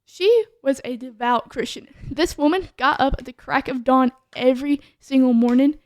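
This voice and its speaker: A young-sounding woman talks through her testimony on a podcast, her voice sitting high. She rambles casually, leaning on "like" and restarting her sentences, and the sound is dry and close with no room echo. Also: moderate pace. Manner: chatty, full of "like" fillers.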